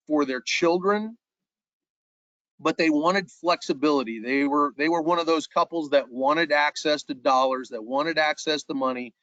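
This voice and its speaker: A man walks listeners through a webinar sales pitch in a somewhat high voice, earnest and conversational, often repeating a word as he restarts a phrase. The sound is dry and close, with dull, slightly muffled webinar audio. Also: a bit bright, no room sound. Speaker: insurance sales presenter.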